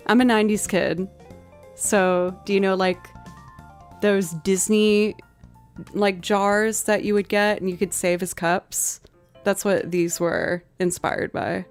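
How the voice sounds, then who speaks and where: A woman in her thirties chats with her live-stream viewers, telling stories and giggling often. Her pitch sits mid-range. A little music plays faintly behind her. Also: steady tone, measured pace. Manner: chatty storytelling, giggles often. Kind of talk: casual live-stream chat. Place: home desk setup.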